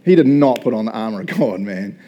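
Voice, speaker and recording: A man's voice: lowish voice, lively intonation, brisk, warm tone, muffled recording, voice pushed down, natural voice. A man voicing a mocking, scheming male devil who taunts in swaggering slang. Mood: gleeful.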